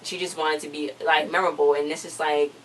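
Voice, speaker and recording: A woman's voice: sits low, flat delivery, a little fast, fairly bright tone. A woman casually recapping a TV episode in a rambling, chatty way, full of "like". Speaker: TV episode reviewer. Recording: distant mic with faint noise.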